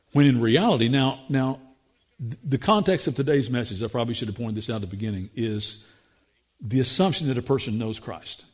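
A man's voice: mid-range voice, darkish tone. A man preaching a sermon as pastor, earnest, with frequent restarts and rhetorical questions.

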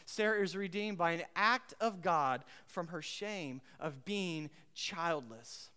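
A man preaching a sermon as pastor, emphatic and repeating his key phrases, swinging between loud and hushed, and putting questions to the congregation. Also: high-pitched, clean tone, big-room sound.

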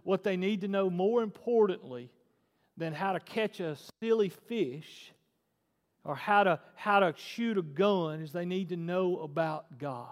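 A man in his forties preaching with a high, ringing voice. He drops to near-quiet, then climbs back to forceful emphasis. His words trail off into the long echo of a church hall. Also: unhurried. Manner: emphatic preaching that swings between hushed and loud. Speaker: pastor. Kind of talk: sermon. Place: church sanctuary.

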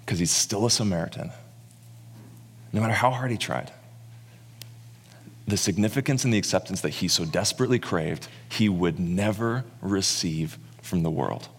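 A man preaching a sermon, telling the story in an animated way and acting out the words of its characters. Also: low-pitched, moderate pace, pauses often, slightly rough. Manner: animated storyteller who acts out quotes. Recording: long reverb in a large hall.

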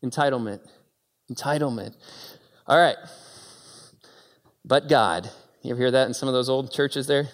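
Animated male preacher in a reverberant hall. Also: mid-range voice, measured pace, long pauses. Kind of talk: sermon.

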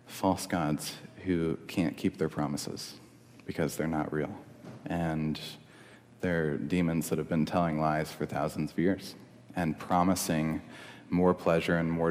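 A man's voice: sits low, a little mellow. A young man preaching a sermon as pastor, earnest and conversational, in a church hall. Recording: long reverb of a hall.

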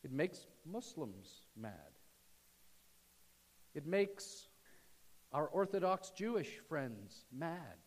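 A man preaching a sermon to his church, swinging from loud emphasis to hushed near-whispers. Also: on the high side, very animated, very slow, pauses often, long reverb tail. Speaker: pastor. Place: church sanctuary.

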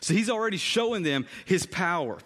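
A man's voice: sits high, lively intonation, fairly quick, a bit bright. A man preaching a conversational sermon in a church, often repeating phrases for emphasis. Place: church sanctuary. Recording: long hall reverb.

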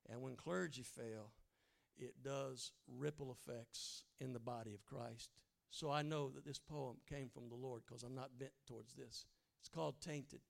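A man preaching a sermon, folksy and humorous, swinging from hushed lines to loud bursts. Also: medium pitch, creaky.

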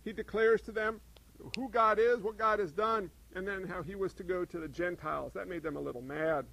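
A man preaching a sermon, animated and asking his listeners questions. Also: sits high, a little fast, vocal fry, rough recording. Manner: animated, asks the congregation questions. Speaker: pastor.

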